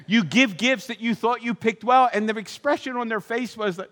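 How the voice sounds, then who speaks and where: A man preaching a sermon as pastor, animated and acting out the voices of hopeful and disappointed people. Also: sits high, normal speed. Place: church sanctuary. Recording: long hall reverb.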